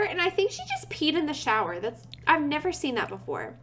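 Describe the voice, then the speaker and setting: A woman's voice: sits high, very animated, fairly quick, a bit bright, slight background noise. A woman giving casual gameplay commentary, chatty and giggly, talking to her game characters and her viewers. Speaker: gaming video creator.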